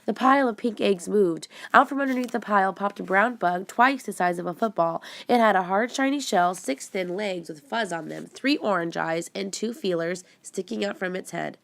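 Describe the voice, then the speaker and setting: A woman reading a children's adventure book aloud, steady and expressive. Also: mid-range voice, moderate pace, vocal fry, few pauses. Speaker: audiobook narrator. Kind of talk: storybook narration.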